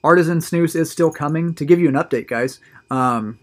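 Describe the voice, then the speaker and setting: A man's voice: fairly high pitch, normal speed. Chatty, upbeat male video host. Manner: chatty and conversational, often repeating words. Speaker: host of a tobacco review show. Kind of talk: casual solo video monologue.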